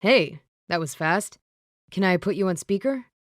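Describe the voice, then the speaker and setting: A calm, reassuring young man, as a woman narrator voices him. He speaks evenly in a lowish, dry, close voice. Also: measured pace, no echo.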